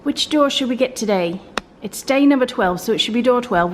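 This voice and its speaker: A woman's voice: fairly high pitch, lively intonation, normal speed, slight background noise. A woman vlogging casually at home, chatting to the camera and cooing at her pets in a sing-song voice. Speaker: lifestyle vlogger. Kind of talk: casual home vlog chat.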